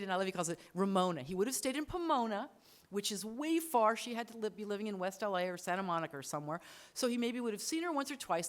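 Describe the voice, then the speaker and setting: A woman lecturing an audience on storytelling, animated, acting out quoted lines and talking in quick bursts. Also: medium pitch. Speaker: writing lecturer. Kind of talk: lively talk to an audience. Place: lecture hall.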